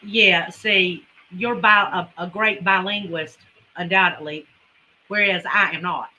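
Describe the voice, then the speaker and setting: A woman's voice: on the low side, fairly even intonation, measured pace, pushed and bright, poor audio. A woman with a Southern US accent, chatting folksily with viewers as a homesteading livestream host. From Carolinas, US. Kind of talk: casual livestream chat with viewers.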